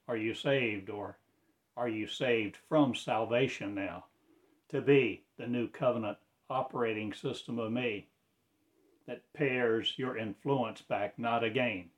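A man's voice: lowish voice, slow pace. A man delivering a fragmented, incantatory spoken-word monologue with preacher-like phrasing.

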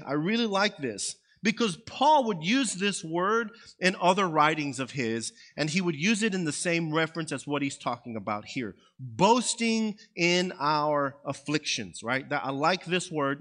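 A man's voice: on the high side, fairly bright tone. Conversational man preaching. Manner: conversational, frequent "right?" and "okay?" check-ins. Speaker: pastor. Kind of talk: sermon.

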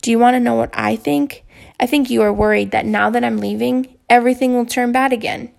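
A woman voicing a gentle, patient female school counselor who speaks softly and reassuringly. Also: on the high side, steady tone, fairly quick, creaky. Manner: soft, reassuring.

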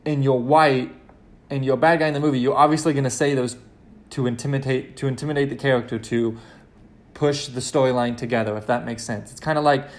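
A man's voice: medium pitch, steady tone, fairly quick. A young man hosting a solo podcast, rambling and correcting himself, and getting worked up as he talks. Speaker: podcast host.

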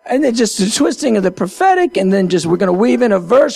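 A man, a Christian minister, talking to his audience in an impassioned, half-sermon style, emphatic and animated, repeating his key phrases. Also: high voice, fast talker, creaky, hardly any pauses.

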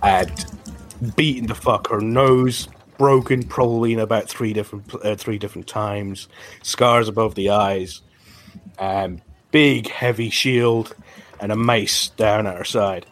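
Serving as game master, this man narrates a tabletop game in a lowish, steady voice. He stumbles along, restarting often and filling gaps with filler words.

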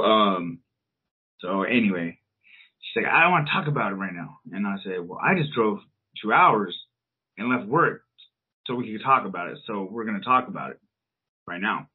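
This podcast co-host, a man in his thirties, has a fairly low, breathy voice; he is animated but unhurried and pauses often. His long storytelling chat wanders, riddled with profanity and fillers, and the recording sounds tinny, like a phone.

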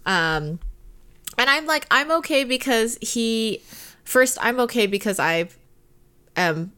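A woman's voice: a little high, animated, slow, bright, forceful tone, clear, resonant tone. A woman in her thirties in casual conversation, rambling with lots of fillers and frequent laughs. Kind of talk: casual chat.

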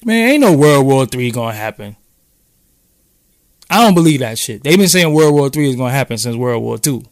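A Brooklyn man with a New York accent and a mid-range voice hosts a live-stream chat like a podcast. He rambles in casual, profane street talk, and the studio sound is clean with no echo.

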